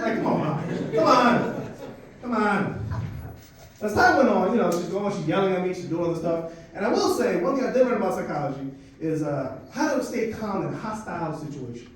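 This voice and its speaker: High-voiced comedian in an echoey club. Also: male voice, moderate pace, distant mic, slight background noise. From Dominican heritage. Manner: animated storytelling with crowd work, profane. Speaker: stand-up comedian. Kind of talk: stand-up comedy set.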